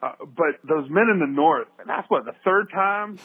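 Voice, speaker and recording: A man giving a wry, animated take on a show's ending. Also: a little high, brisk, hardly any pauses, in a large hall. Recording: tinny phone line.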